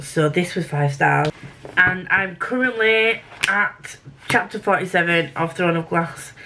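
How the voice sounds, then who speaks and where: A woman's voice: fairly low pitch, fairly bright tone. A young woman who vlogs about books, chatting casually and thinking aloud as she rambles through her reading week. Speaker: book vlogger. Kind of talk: casual reading vlog chat.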